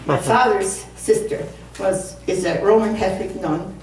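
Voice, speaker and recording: In an echoey community hall, a woman in her seventies tells a rambling, funny story to a live concert audience, laughing at herself along the way. Her voice is mid-range and her speed normal, with a crowd audible behind her. The mic sits at a distance and faint room noise comes through.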